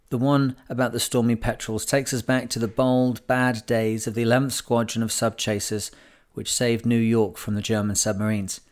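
A man reading a classic sailing memoir aloud as an audiobook, in a measured, unhurried manner. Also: mid-range voice. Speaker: audiobook narrator.

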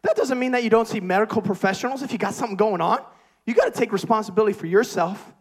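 A man preaching a sermon with energetic, emphatic repetition. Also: high-pitched, fast talker.

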